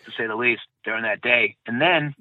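The speaker is a bombing survivor recounting his experience as an interview guest, in a casual, rambling way marked by self-corrections and repeated phrases. His mid-range voice runs a little fast. The audio is dry, tinny and phone-like, without echo.

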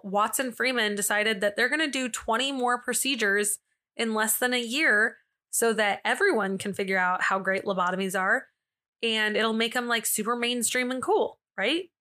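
A woman's voice: a little high, moderate pace, pushed and bright. A young woman hosting a casual storytelling podcast, chatty and full of fillers and asides. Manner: chatty, filler-heavy, with frequent asides and laughs. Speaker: podcast host.

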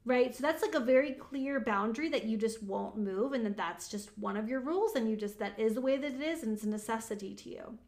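A woman's voice: fairly high pitch, brisk, few pauses, darkish tone. A young woman giving a casual motivational talk, chatty and emphatic, with lots of "like" fillers. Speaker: motivational speaker on manifesting.

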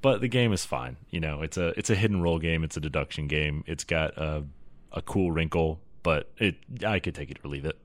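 A man with a very low voice co-hosts a casual podcast chat, joking around and laughing often between thoughts. He fills his pauses with plenty of "uh"s. The sound is dry and close, with no room in it. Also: dry recording. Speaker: podcast co-host.

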